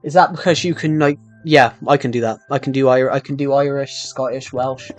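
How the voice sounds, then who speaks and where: A young man from the UK with a thick, strongly rhotic regional British accent, chatting casually on a gaming live stream and talking slowly on purpose, with many restarts. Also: mid-range voice, steady tone, faint music behind. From United Kingdom. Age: young adult. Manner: deliberately slow, many restarts. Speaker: game streamer.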